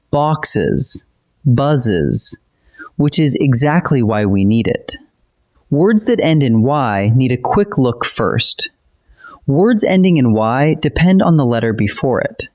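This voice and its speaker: Guy teaching spelling rules real slow, patient, spells letters out one by one. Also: mid-range voice, a little mellow. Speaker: grammar teacher. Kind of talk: scripted lesson narration.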